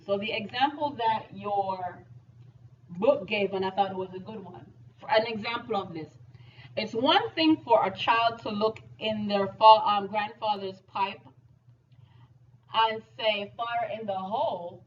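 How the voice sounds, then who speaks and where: A woman teaching a live class on logic, playful and animated, speaking to her students. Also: mid-range voice. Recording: distant mic, dull sound, faint noise.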